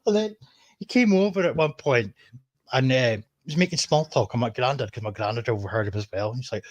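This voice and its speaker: A man's voice: medium pitch, fairly quick. A Scottish man chatting casually on a stream, swearing freely and laughing through his anecdotes. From Scotland. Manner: swears freely, laughs while telling stories. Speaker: stream guest. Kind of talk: casual chat.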